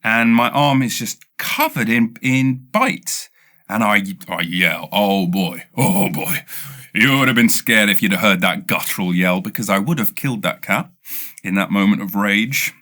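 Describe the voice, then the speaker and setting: A man's voice: lowish voice, normal speed. A man with a British accent, hosting a podcast and telling a rambling comic story with lots of stutters and restarts. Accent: British English. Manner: rambling, animated, self-interrupting with stutters. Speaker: podcast host. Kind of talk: casual comedic storytelling.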